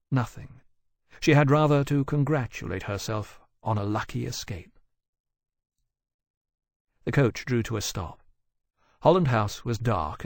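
A man reads a historical novel aloud with even, measured pacing. His voice sits in an ordinary middle pitch. The recording is close and dry, with no room around it. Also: creaky, no echo. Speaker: audiobook narrator. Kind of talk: scripted narration.

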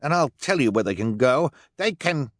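A man's voice: mid-range voice, sing-song, moderate pace, no echo, studio quality, voice pushed up. A man voicing a cold, snobbish wealthy woman who snaps and gives orders. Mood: haughty. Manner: snappish, imperious.

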